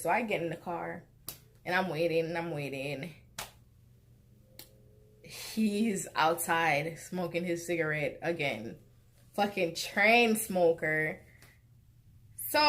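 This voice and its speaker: Young woman doing a storytime vlog, slow and blunt, swears a lot, gets loud and fed up. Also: lowish voice. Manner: blunt and profane, jumps to loud exasperated outbursts. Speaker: vlogger. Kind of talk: casual storytime rant.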